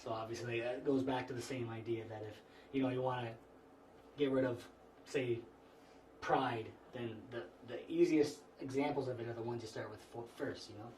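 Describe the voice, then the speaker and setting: A man's voice: medium pitch, normal speed. A man giving an informal spiritual lecture to a small group, talking conversationally with frequent restarts. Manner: relaxed, conversational, frequent restarts and "you know". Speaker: class instructor. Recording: echoey room, mic far off, faint noise.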